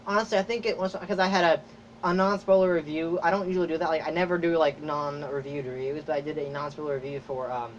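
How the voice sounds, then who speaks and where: A man hosting a podcast, chatting casually and excitedly, rambling with lots of fillers and acted-out reactions. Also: a little high, quick pace. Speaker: podcast host. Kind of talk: casual chat. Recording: dull lo-fi audio with faint noise.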